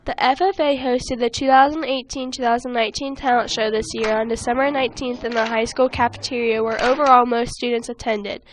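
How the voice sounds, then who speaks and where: A high-voiced teenage girl reports on a school event for the student news. She reads earnestly from a script, and a few phrases come out a little halting. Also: steady tone, noisy background. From Ohio.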